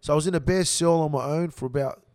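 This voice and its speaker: A young Australian man telling a rough prison story in casual slang, swearing constantly. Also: on the high side, quick pace. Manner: swears heavily, animated slang-filled storytelling.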